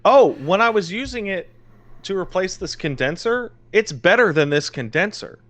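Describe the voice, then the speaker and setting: A man's voice: sits high, expressive, moderate pace, fairly bright tone. A man co-hosting a casual podcast, telling stories animatedly, exasperated and swearing often. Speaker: podcast co-host.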